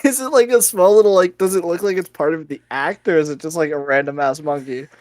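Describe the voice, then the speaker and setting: A woman's voice: low-pitched, fast talker, a little mellow, no echo, studio quality. A woman playing a tabletop game, casual and giggly, with lots of filler words and swearing. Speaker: player.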